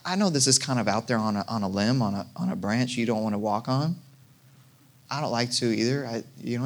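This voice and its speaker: Gravelly man preaching a conversational sermon. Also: medium pitch. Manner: conversational, jokey, many restarts. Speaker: pastor.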